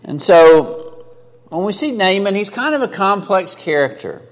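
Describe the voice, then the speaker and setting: A man preaches a sermon with a fairly high voice that lifts for emphasis and sinks low and soft for asides. He talks in an earnest, conversational way and often restarts his phrases. His voice carries a long reverb from a large hall. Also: sing-song, measured pace. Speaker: pastor.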